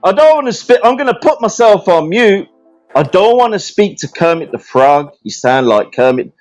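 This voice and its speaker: High-pitched mocking man on a call. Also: sing-song, moderate pace, dry recording, soft background music. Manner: loud, mocking, sing-song taunts. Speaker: panelist. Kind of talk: heated insult-trading argument.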